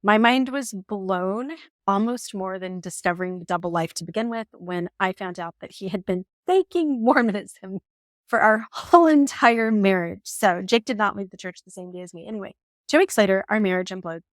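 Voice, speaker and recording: A woman in her forties telling a personal story on her vlog in an animated, emotional way, laughing now and then. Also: medium pitch, normal speed, no echo, clean studio sound. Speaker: vlogger.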